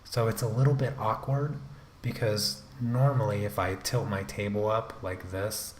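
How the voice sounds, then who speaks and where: Slow, low-voiced man drawing and musing. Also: a little hiss or hum. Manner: relaxed, rambling, talks to himself while working; self-deprecating asides with frequent restarts. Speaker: artist and channel host. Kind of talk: casual running commentary while drawing on a livestream.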